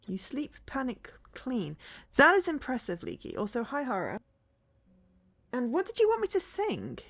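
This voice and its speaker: A woman's voice: a little high, huge pitch swings, moderate pace, a bit bright. A woman streaming from home, chatting casually with her viewers, rambling, laughing often and humming bits of songs.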